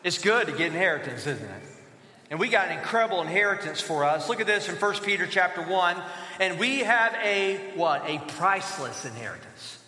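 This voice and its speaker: A man preaches with a high, bright, ringing voice. He is energetic and calls on the congregation to fill in his words. The sound fills a large church hall and carries a long, echoey reverb. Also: fairly quick. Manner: energetic preaching with call-and-response prompts. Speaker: pastor. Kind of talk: sermon.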